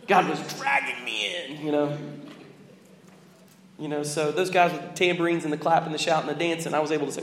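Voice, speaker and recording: A man preaching and telling a story in a lively, joking way, acting out voices. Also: on the high side, a little fast, gravelly. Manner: animated, jokey, acts out voices. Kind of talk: sermon storytelling. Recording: echoey hall with faint room noise.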